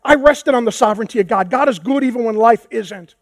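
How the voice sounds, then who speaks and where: A man preaching a passionate sermon as pastor, moving from hushed tones to shouts. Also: very high-pitched, a little fast, no echo. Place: church hall with a congregation.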